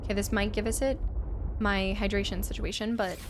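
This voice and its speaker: A woman thinks aloud while streaming a game, chatting casually with her viewers. She is excitable and quick to jump in pitch when something surprises her. Her voice sits at a middle pitch, with faint noise in the background. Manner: excitable, thinks aloud, frequent gasps and laughs. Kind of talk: casual gameplay commentary.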